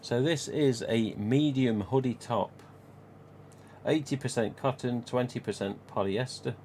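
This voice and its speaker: A man's voice: mid-range voice, unhurried, darkish tone, a little hiss or hum. A man hosting a live stream, talking casually in a chatty, rambling way with frequent chuckles. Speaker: live stream host and collector.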